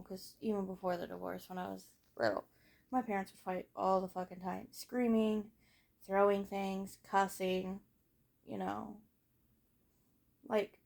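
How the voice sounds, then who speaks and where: A teenage girl talks through her own life story in a casual, rambling way, full of fillers and blunt swearing. Her mid-range voice carries a gravelly fry, and she lets many sentences fade off softly at the end. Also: medium pitch. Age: late teens. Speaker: vlogger.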